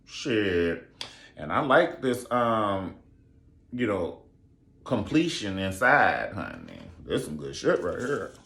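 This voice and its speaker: A man's voice: fairly low pitch, wildly swooping pitch, slow pace, vocal fry, a bit bright. A man giving a campy, profane show review, sassy and full of asides. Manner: campy, sassy, profane, calls people honey. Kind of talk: casual comedic retelling. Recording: echoey room.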